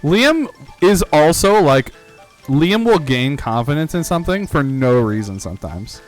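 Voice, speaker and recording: A man's voice: a little high, sing-song, measured pace, faint music behind. A man hosting a game stream, chatting casually and rambling with lots of fillers and frequent laughter. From United States. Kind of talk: casual chat while gaming.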